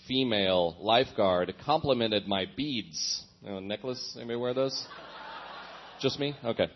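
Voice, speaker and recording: For laughs, a young man reads his old diary aloud, stopping for self-mocking asides and chuckling often. His middle-pitched voice has a breathy edge, and the recording sounds dull and lo-fi.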